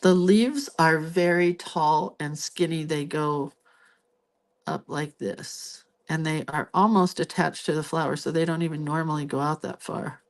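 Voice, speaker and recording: Woman host of a relaxed live doodle lesson, talking slowly and chattily as she draws, on a phone mic. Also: deep voice. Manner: chatty, thinks aloud while drawing. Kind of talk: casual live drawing tutorial. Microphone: phone camera.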